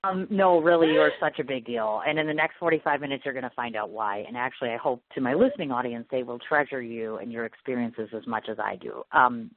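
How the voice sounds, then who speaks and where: A woman's voice: rumbling low, a little fast, few pauses, no echo. A woman from the Midwest hosting a radio interview show, bubbly and gushing in casual chat. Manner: bubbly, gushing, self-deprecating. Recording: tinny phone-line radio sound.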